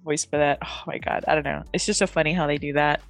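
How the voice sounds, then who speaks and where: A woman's voice: sits low, fairly even intonation, fast talker, soft background music. Giggly rambling young woman. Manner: rambling, giggly, full of fillers, puts on silly voices. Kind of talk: casual chat.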